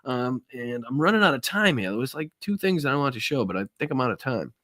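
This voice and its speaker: A man's voice: mid-range voice, big pitch swings, quick pace, fairly bright tone. A man hosts a live political stream from home. He talks in a loose, casual way, cursing freely and thanking his viewers. His voice sits in an ordinary middle register. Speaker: political podcast host.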